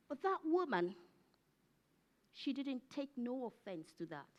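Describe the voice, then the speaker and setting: A woman preaches in a high voice that swoops widely. She repeats her points for emphasis, pushing to fervent peaks before dropping low again. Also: big pitch swings, takes it slowly, darkish tone, highs cut off. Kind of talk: sermon. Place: church.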